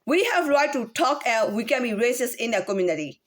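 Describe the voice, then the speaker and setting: A woman talking in a casual monologue, halting with many restarts and fillers, sometimes demonstrating different speaking tones. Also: on the high side, big pitch swings.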